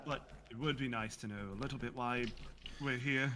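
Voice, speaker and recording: A man's voice: mid-range voice, moderate pace, sharp tone, reverberant, in a large hall, natural voice. A man playing a wary young adventurer who is polite but doubtful.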